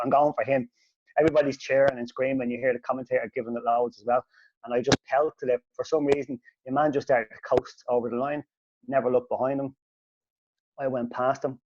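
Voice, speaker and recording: A man telling a sweary, animated story as a podcast host, his voice jumping up when he quotes himself. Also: medium pitch, a little fast, no room sound. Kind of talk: casual storytelling. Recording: dull lo-fi podcast audio.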